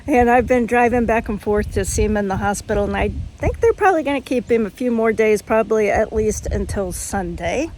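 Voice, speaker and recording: Older lady vlogging from her kitchen, bit high voice, chatty and frank, lots of ums. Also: a little mellow. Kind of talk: casual home vlog chat.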